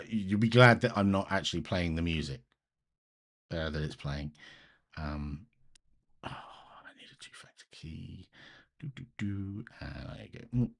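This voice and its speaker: A deep-voiced, middle-aged British man live-streaming his coding session. He rambles in a relaxed, chatty way, breaking off mid-thought to answer viewers. The sound is close and plain, like a desk microphone. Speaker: live-streaming open source maintainer. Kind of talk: casual live-stream chat while coding.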